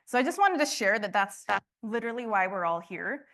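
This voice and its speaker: A woman's voice: mid-range voice, lively intonation, a little fast, a bit bright. A woman giving a conference talk to a room, passionate, often restarting and asking the audience questions. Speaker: conference speaker.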